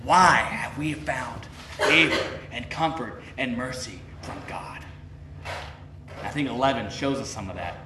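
A man's voice: mid-range voice, expressive, measured pace, distant mic, heavy background noise. A man preaching a sermon in a conversational way, pressing his points with rising, emphatic questions and acting out the people he quotes. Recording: roomy echo, voice from off-mic.

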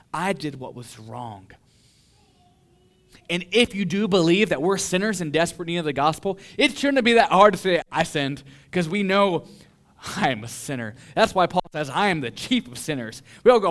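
A young adult man preaching a sermon as pastor, acting out little scenes and swinging between loud and soft. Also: fairly high pitch, animated, normal speed.

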